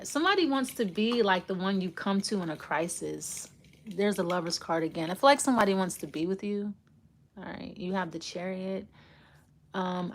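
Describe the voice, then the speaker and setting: A woman giving a casual tarot reading, rambling and intuitive, often trailing off and starting her thoughts over. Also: on the low side. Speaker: tarot reader.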